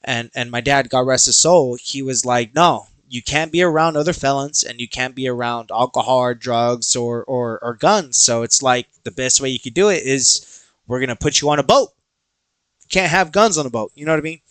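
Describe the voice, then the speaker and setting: A man's voice: mid-range voice, moderate pace, clean tone, no room sound. A young man hosting a podcast, telling a personal story casually, acting out quoted voices and swearing freely. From Texas. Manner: animated, acts out quoted dialogue, swears freely. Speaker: podcast host.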